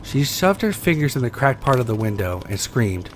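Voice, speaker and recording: Male story reader, steady delivery, lively intonation, faint hiss behind. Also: mid-range voice, normal speed. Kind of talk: reading scary stories aloud.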